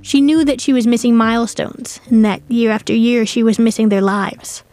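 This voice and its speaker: A woman narrating a documentary story in a measured, scripted way. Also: a little high, warm tone, dry recording. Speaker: narrator and host. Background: faint music.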